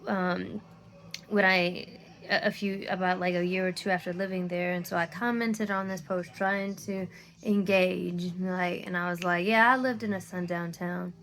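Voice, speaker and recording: Weary woman with a gravelly, flat voice. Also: fairly low pitch, unhurried, slight background noise. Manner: weary, frustrated, swearing often. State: tired, near tears. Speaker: content creator. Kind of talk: emotional rant to camera.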